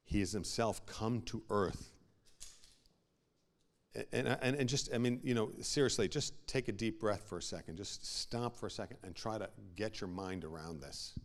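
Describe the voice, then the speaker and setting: A pastor preaches a sermon in a lowish voice at a moderate pace, swinging between hushed asides and loud, emphatic peaks. He repeats words as he builds toward his point.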